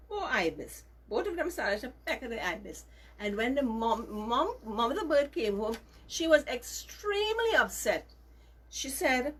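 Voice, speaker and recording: A woman with a lilt tells a children's tale in a gentle, emphatic way, repeating key phrases for little listeners. Her voice sits a bit high and slightly husky. Her pitch rises and falls a lot as she goes. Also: very animated, a little slow. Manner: gentle, repetitive, emphatic storytelling with voiced bird parts. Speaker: children's storyteller and teacher. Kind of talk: storytelling to children.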